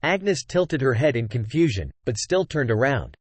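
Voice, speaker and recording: A man reading a fantasy web novel aloud as scripted audiobook narration, with steady storytelling and small shifts for the dialogue. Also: medium pitch, normal speed, dry recording.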